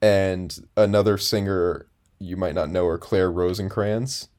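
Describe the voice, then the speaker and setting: Rambling young man with a low voice. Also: fairly even intonation, a little slow, darkish tone. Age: 20s. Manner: rambling storyteller, many fillers and restarts. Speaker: podcast co-host. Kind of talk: casual chat.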